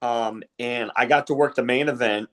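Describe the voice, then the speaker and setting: With a medium pitch, fairly even intonation and a moderate pace, this middle-aged man sounds fairly bright. He's a wrestling referee guesting on a podcast, telling rambling stories packed with fillers and replayed exchanges.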